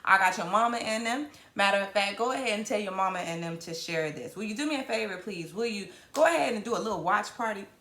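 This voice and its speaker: A Virginia comedian and show host in her thirties runs a casual live stream, talking fast at medium pitch with few pauses. She's animated and playful, using southern-tinged slang and hype-up exclamations, heard through a camera mic with roomy echo.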